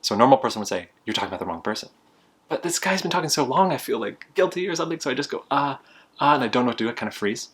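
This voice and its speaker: A man's voice: medium pitch, animated, racing, hardly any pauses, breathy edge. A young man hosting a board game channel, chatting casually and explaining a card game in a self-deprecating way. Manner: chatty, self-deprecating, laughs while telling.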